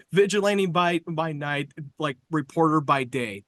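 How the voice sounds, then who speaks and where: A man's voice: fairly high pitch, unhurried, fairly bright tone. A man co-hosting a casual chat, blunt and critical, swearing casually. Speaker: podcast co-host.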